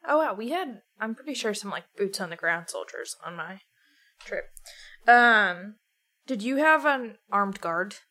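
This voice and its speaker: A woman's voice: medium pitch, lively intonation, measured pace, bright, forceful tone. A young woman co-hosting a podcast, asking questions in a blunt, frank way and swearing freely. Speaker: podcast co-host, interviewer. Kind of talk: casual podcast conversation.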